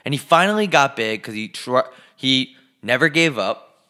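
A man co-hosting a podcast with a bright, forceful voice. He rants in fast, profane bursts and sounds a bit out of breath. He talks casually from his living room. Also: medium pitch, lively intonation. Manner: profane, ranting, fast and emphatic. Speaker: podcast co-host.

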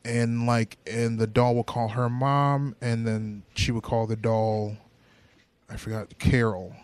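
A man's voice: medium pitch, flat delivery, slow, a little mellow, clear, resonant tone. A young man co-hosting a podcast, telling a dating story in a rambling, hesitant way full of fillers. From Buffalo, New York. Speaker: podcast co-host. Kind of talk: casual chat.

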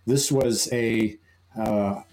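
An older man co-hosts a casual podcast. He tells his stories haltingly, stopping on fillers and chuckling along the way. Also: lowish voice, steady tone, gravelly. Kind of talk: casual chat.

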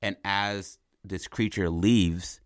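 A man with a deep, low voice spins out a movie idea as a loose, rambling story. He stumbles over words and keeps checking in with his listeners. The sound is dry and close, with no room echo. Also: takes it slowly, clean tone. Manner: rambling and animated, repeats words, asks "right?". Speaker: podcast host pitching a movie idea. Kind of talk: casual storytelling.

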